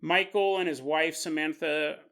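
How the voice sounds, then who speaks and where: A man hosting a podcast, telling a spooky story in an animated, conversational, jokey way. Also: on the high side, unhurried, creaky. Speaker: podcast host. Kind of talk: storytelling narration.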